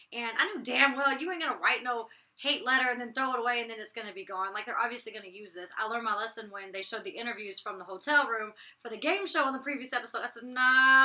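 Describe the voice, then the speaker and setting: A young woman with a raspy voice and a very sharp, tense tone, pitched a little high. She talks in a chatty, blunt vlog style, slangy and loose with mild cursing. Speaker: reality TV personality reviewing her episode. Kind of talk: casual vlog commentary.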